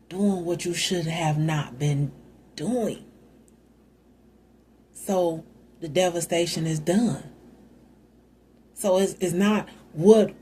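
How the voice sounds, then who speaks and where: A woman's voice: fairly low pitch, warm tone, a little hiss or hum. A woman hosting a casual Bible commentary, talking conversationally and adding side notes. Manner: conversational, musing, with asides. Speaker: host.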